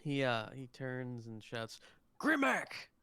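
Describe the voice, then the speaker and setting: A man runs a tabletop game as game master, describing each scene at length with plenty of ums and restarts. His voice is smooth and resonant, recorded close on a desk mic with a dry sound. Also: mid-range voice, measured pace, no room sound. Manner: rambling, many fillers and restarts. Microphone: close desk mic, online stream.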